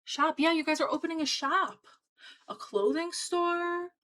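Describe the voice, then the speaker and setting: A woman's voice: extremely high pitch, measured pace, fairly bright tone, rough recording. A woman giving a casual tarot reading to her viewers, talking in a chatty, emphatic and encouraging way. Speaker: tarot reader.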